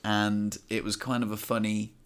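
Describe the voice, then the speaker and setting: A man's voice: on the low side, flat delivery, normal speed, fairly bright tone, clear, resonant tone. A man co-hosting a podcast, telling a self-mocking anecdote in casual chat. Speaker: podcast co-host. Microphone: headphones on, podcast mic.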